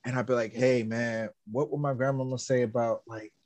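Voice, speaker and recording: A man in a relaxed podcast conversation, mid-pitched and talkative. He tells stories and swears freely, jumping into loud acted-out voices along the way. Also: brisk. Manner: animated storyteller who jumps into loud mimicked voices; uses profanity. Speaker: podcast co-host. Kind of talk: casual chat.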